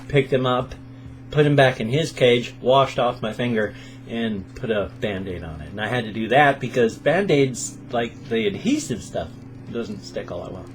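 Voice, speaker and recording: A man in his fifties with a sore throat, chatting casually at home in a morning vlog and telling stories with animated sound effects. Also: medium pitch, moderate pace, soft background music. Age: 50s. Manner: animated storyteller who makes sound effects. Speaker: video blogger.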